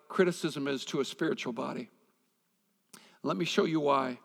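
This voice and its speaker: A man's voice: a little high, long reverb tail. A male pastor preaching a conversational sermon, mixing scripture reading with personal stories.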